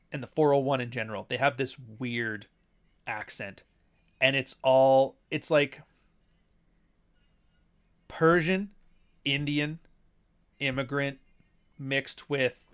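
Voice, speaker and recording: Stream host, male, average pitch, talks in loose profane rambles, blunt delivery. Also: fairly bright tone. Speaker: host, author. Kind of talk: casual livestream chat. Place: home near Toronto.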